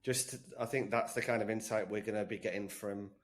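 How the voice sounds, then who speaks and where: A man's voice: fairly low pitch, fairly even intonation, a little fast. Teasing man hosting a podcast. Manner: teasing, laughing banter. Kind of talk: casual chat.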